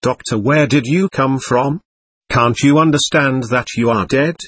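A man's voice: mid-range voice, measured pace, a bit bright, slightly rough, dry recording, studio quality. A man reading as a firm, patient doctor. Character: calm, firm male doctor guiding spirits.

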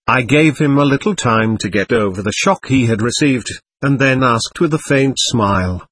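A man reading a travel memoir aloud as narrator, measured and storytelling. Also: mid-range voice, animated, a bit bright, breathy edge, no echo.

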